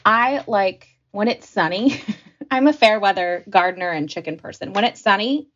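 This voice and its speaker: A woman's voice: medium pitch, normal speed, fairly bright tone, lo-fi sound. A woman co-hosting a podcast, chatting casually in an earnest, playful way. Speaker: podcast co-host. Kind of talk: casual chat.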